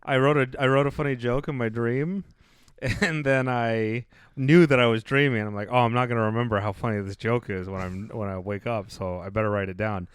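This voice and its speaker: Laid-back man, smooth and dry. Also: medium pitch, fairly even intonation, brisk, no echo. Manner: laid-back, self-deprecating, laughs a lot. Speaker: podcast co-host. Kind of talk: casual chat.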